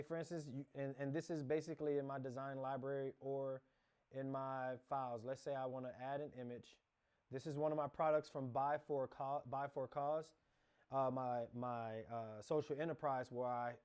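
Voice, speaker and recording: In a darkish, medium-pitched voice, a man teaches a relaxed screen-share course, describing every click as he makes it. His delivery rambles, with frequent restarts and self-corrections.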